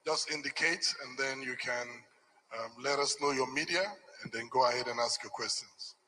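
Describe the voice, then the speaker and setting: A man's voice: medium pitch, fairly even intonation, moderate pace, sharp tone, slight background noise, low-quality recording. A man moderating a press conference, hesitant and full of fillers.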